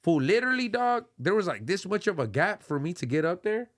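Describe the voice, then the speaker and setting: A man hosting a casual podcast, telling a lively street story in heavy slang and acting out what people said. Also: sits high, brisk. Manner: animated, streetwise slang, acts out quotes. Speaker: podcast host.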